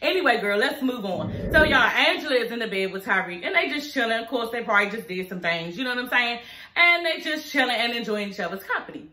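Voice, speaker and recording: Woman vlogger, sassy and chatty, a bit high and bright, in an echoey room. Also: lively intonation, quick pace. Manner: sassy, chatty, talks straight to viewers. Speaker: TV recap vlogger. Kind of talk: casual TV episode review vlog.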